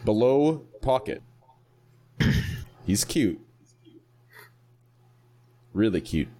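A man's voice: lowish voice, very animated, drawn-out words, dark tone. A man hosting a casual group podcast, joking crudely and peppering his talk with "dude" and "listen". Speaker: podcast host.

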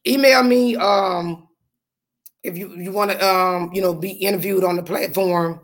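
A woman hosting a podcast, talking to her listeners with fervent, repetitive, preacher-like faith talk, her voice going hoarse. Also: fairly low pitch, fairly even intonation, a little slow. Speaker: podcast host.

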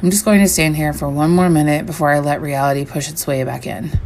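A woman reading a first-person horror story aloud, measured and slowing down on the eerie lines. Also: low-pitched, fairly even intonation, darkish tone, slight background noise. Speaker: story reader.

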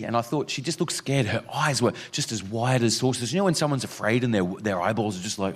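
A man's voice: mid-range voice, fast, few pauses, breathy edge. A male pastor with an Australian accent, praying and then telling a story in a chatty, joking sermon with many fillers.

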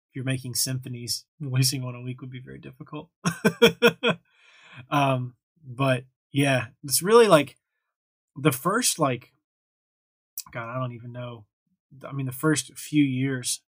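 A man's voice: mid-range voice, a bit bright, no echo. A young man casually hosting a livestream, chatting loosely and thanking viewers as he reads their comments. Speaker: livestream host answering chat. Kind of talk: casual live chat.

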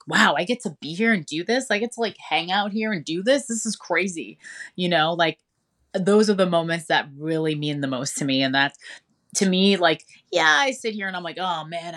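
A woman's voice: deep voice, fairly bright tone. A woman radio DJ, talking enthusiastically and chattily as an interview guest, with many fillers. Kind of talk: casual interview talk.

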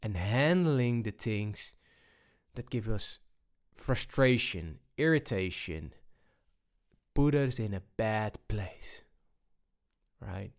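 A man giving a personal talk on balance, unhurried and full of pauses and restarts. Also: lowish voice, animated. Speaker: speaker on balance.

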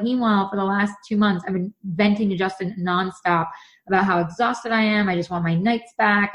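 A woman in her thirties chatting casually as a co-host, telling stories and acting out what others said. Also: medium pitch. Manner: chatty, animated storyteller acting out quotes. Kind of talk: casual chat.

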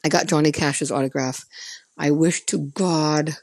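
Low-voiced woman telling a chatty story. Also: unhurried, no room sound, clean studio sound. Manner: chatty, emphatic, animated quoting of others. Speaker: podcast host. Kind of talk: casual storytelling monologue.

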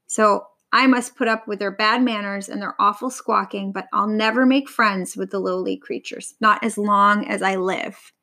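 A woman voicing a proud, grumpy old male lion in a storybook reading, speaking gruffly and grumbling. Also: mid-range voice, fairly even intonation, normal speed, few pauses, bright, forceful tone.

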